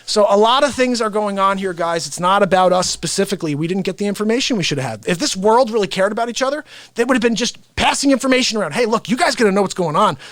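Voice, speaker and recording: A man hosting a live stream, an impressionist talking in a rambling, animated way straight to his viewers. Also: high voice, fast talker, no echo. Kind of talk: casual live-stream rant.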